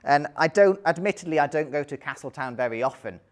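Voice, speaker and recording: Man giving a relaxed history lecture. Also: on the high side, fast. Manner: conversational, with frequent ums and dry asides. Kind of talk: illustrated history talk.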